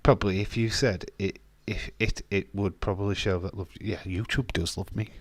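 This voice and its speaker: The speaker is a Castleford, Yorkshire man with a Yorkshire accent, his voice on the low side, steady, at normal speed, recorded without echo. Reading viewer comments during a casual watch-along stream, he chats bluntly, swears a lot and restarts sentences.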